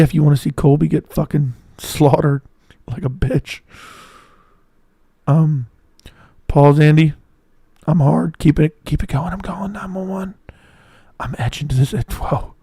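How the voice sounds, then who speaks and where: Hoarse, blunt man streaming. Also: fairly high pitch, fairly even intonation, a little slow, long pauses, dark tone, no room sound, clean studio sound. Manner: blunt, profane banter while answering chat. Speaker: livestream host. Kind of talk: casual livestream commentary.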